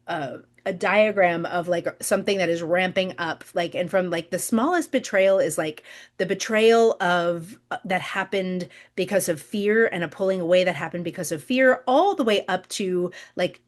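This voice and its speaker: A woman talks through an intuitive spiritual reading as the show's host, addressing her viewers directly. She searches for words as she goes, with frequent fillers, repeats and restarts. Her voice sits in an ordinary middle pitch. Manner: giggles softly now and then.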